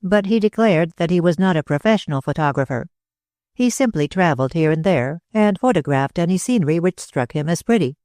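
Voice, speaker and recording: A man narrating a classic novel as an audiobook reader, in a measured, even way. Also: on the high side, no room sound, studio quality. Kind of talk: scripted narration.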